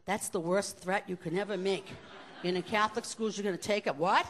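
An older woman telling personal stories to a live audience in an animated, conversational way with wry asides. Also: medium pitch, a little fast. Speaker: storyteller.

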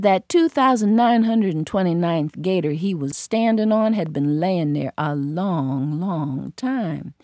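A woman telling a folktale in a lively, rhythmic way with playful sound words. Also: fairly low pitch, measured pace, few pauses, no echo, studio quality. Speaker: storyteller. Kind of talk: folktale storytelling.

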